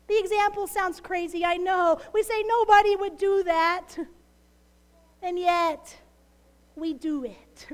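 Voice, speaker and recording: A woman pastor preaching a sermon, animated as she acts out quoted prayers and then drops to hushed, whispered lines. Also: very high-pitched, a little slow. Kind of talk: Palm Sunday sermon. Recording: long hall reverb.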